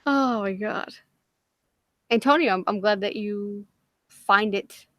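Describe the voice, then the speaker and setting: This livestream host talks slowly in a medium-pitched, slightly bright voice, recorded with no echo. A Boston-accented woman from Massachusetts, she keeps the stream casual, swearing constantly and rambling with self-deprecating jokes.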